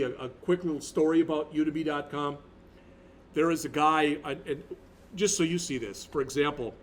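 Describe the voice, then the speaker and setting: A man's voice: a little high, a little hiss or hum. A man in his fifties, a college instructor, talking through a recorded lecture in a rambling, conversational way with many restarts.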